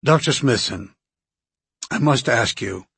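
A firm government doctor presses his questions in a clipped, insistent manner, voiced by a man narrating an audiobook. The voice is husky and raspy. The recording is close and dry. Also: medium pitch, lively intonation, slow, a bit bright, no echo, exaggerated voice. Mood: formal.

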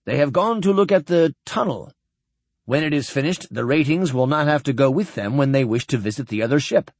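A man voicing a curious female alien guide who speaks slowly, with careful enunciation. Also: mid-range voice, expressive, a little mellow, no room sound. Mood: probing.

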